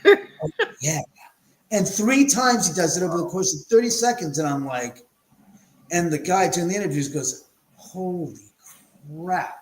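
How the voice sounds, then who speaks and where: Guest man from Los Angeles, slightly high voice, lively swearing raconteur, echoey room. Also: a little fast. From Los Angeles, USA. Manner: animated, swears freely, acts out quotes. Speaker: guest, paranormal house owner. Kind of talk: casual storytelling.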